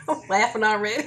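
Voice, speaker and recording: A woman's voice: on the high side, a bit bright, slight background noise. A woman chatting casually with live viewers as she preps juice at home. She is a little congested, laughs often, and talks loose and candid with some mild swearing. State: mildly congested. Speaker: vlog host greeting live viewers. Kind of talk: casual live chat while cooking.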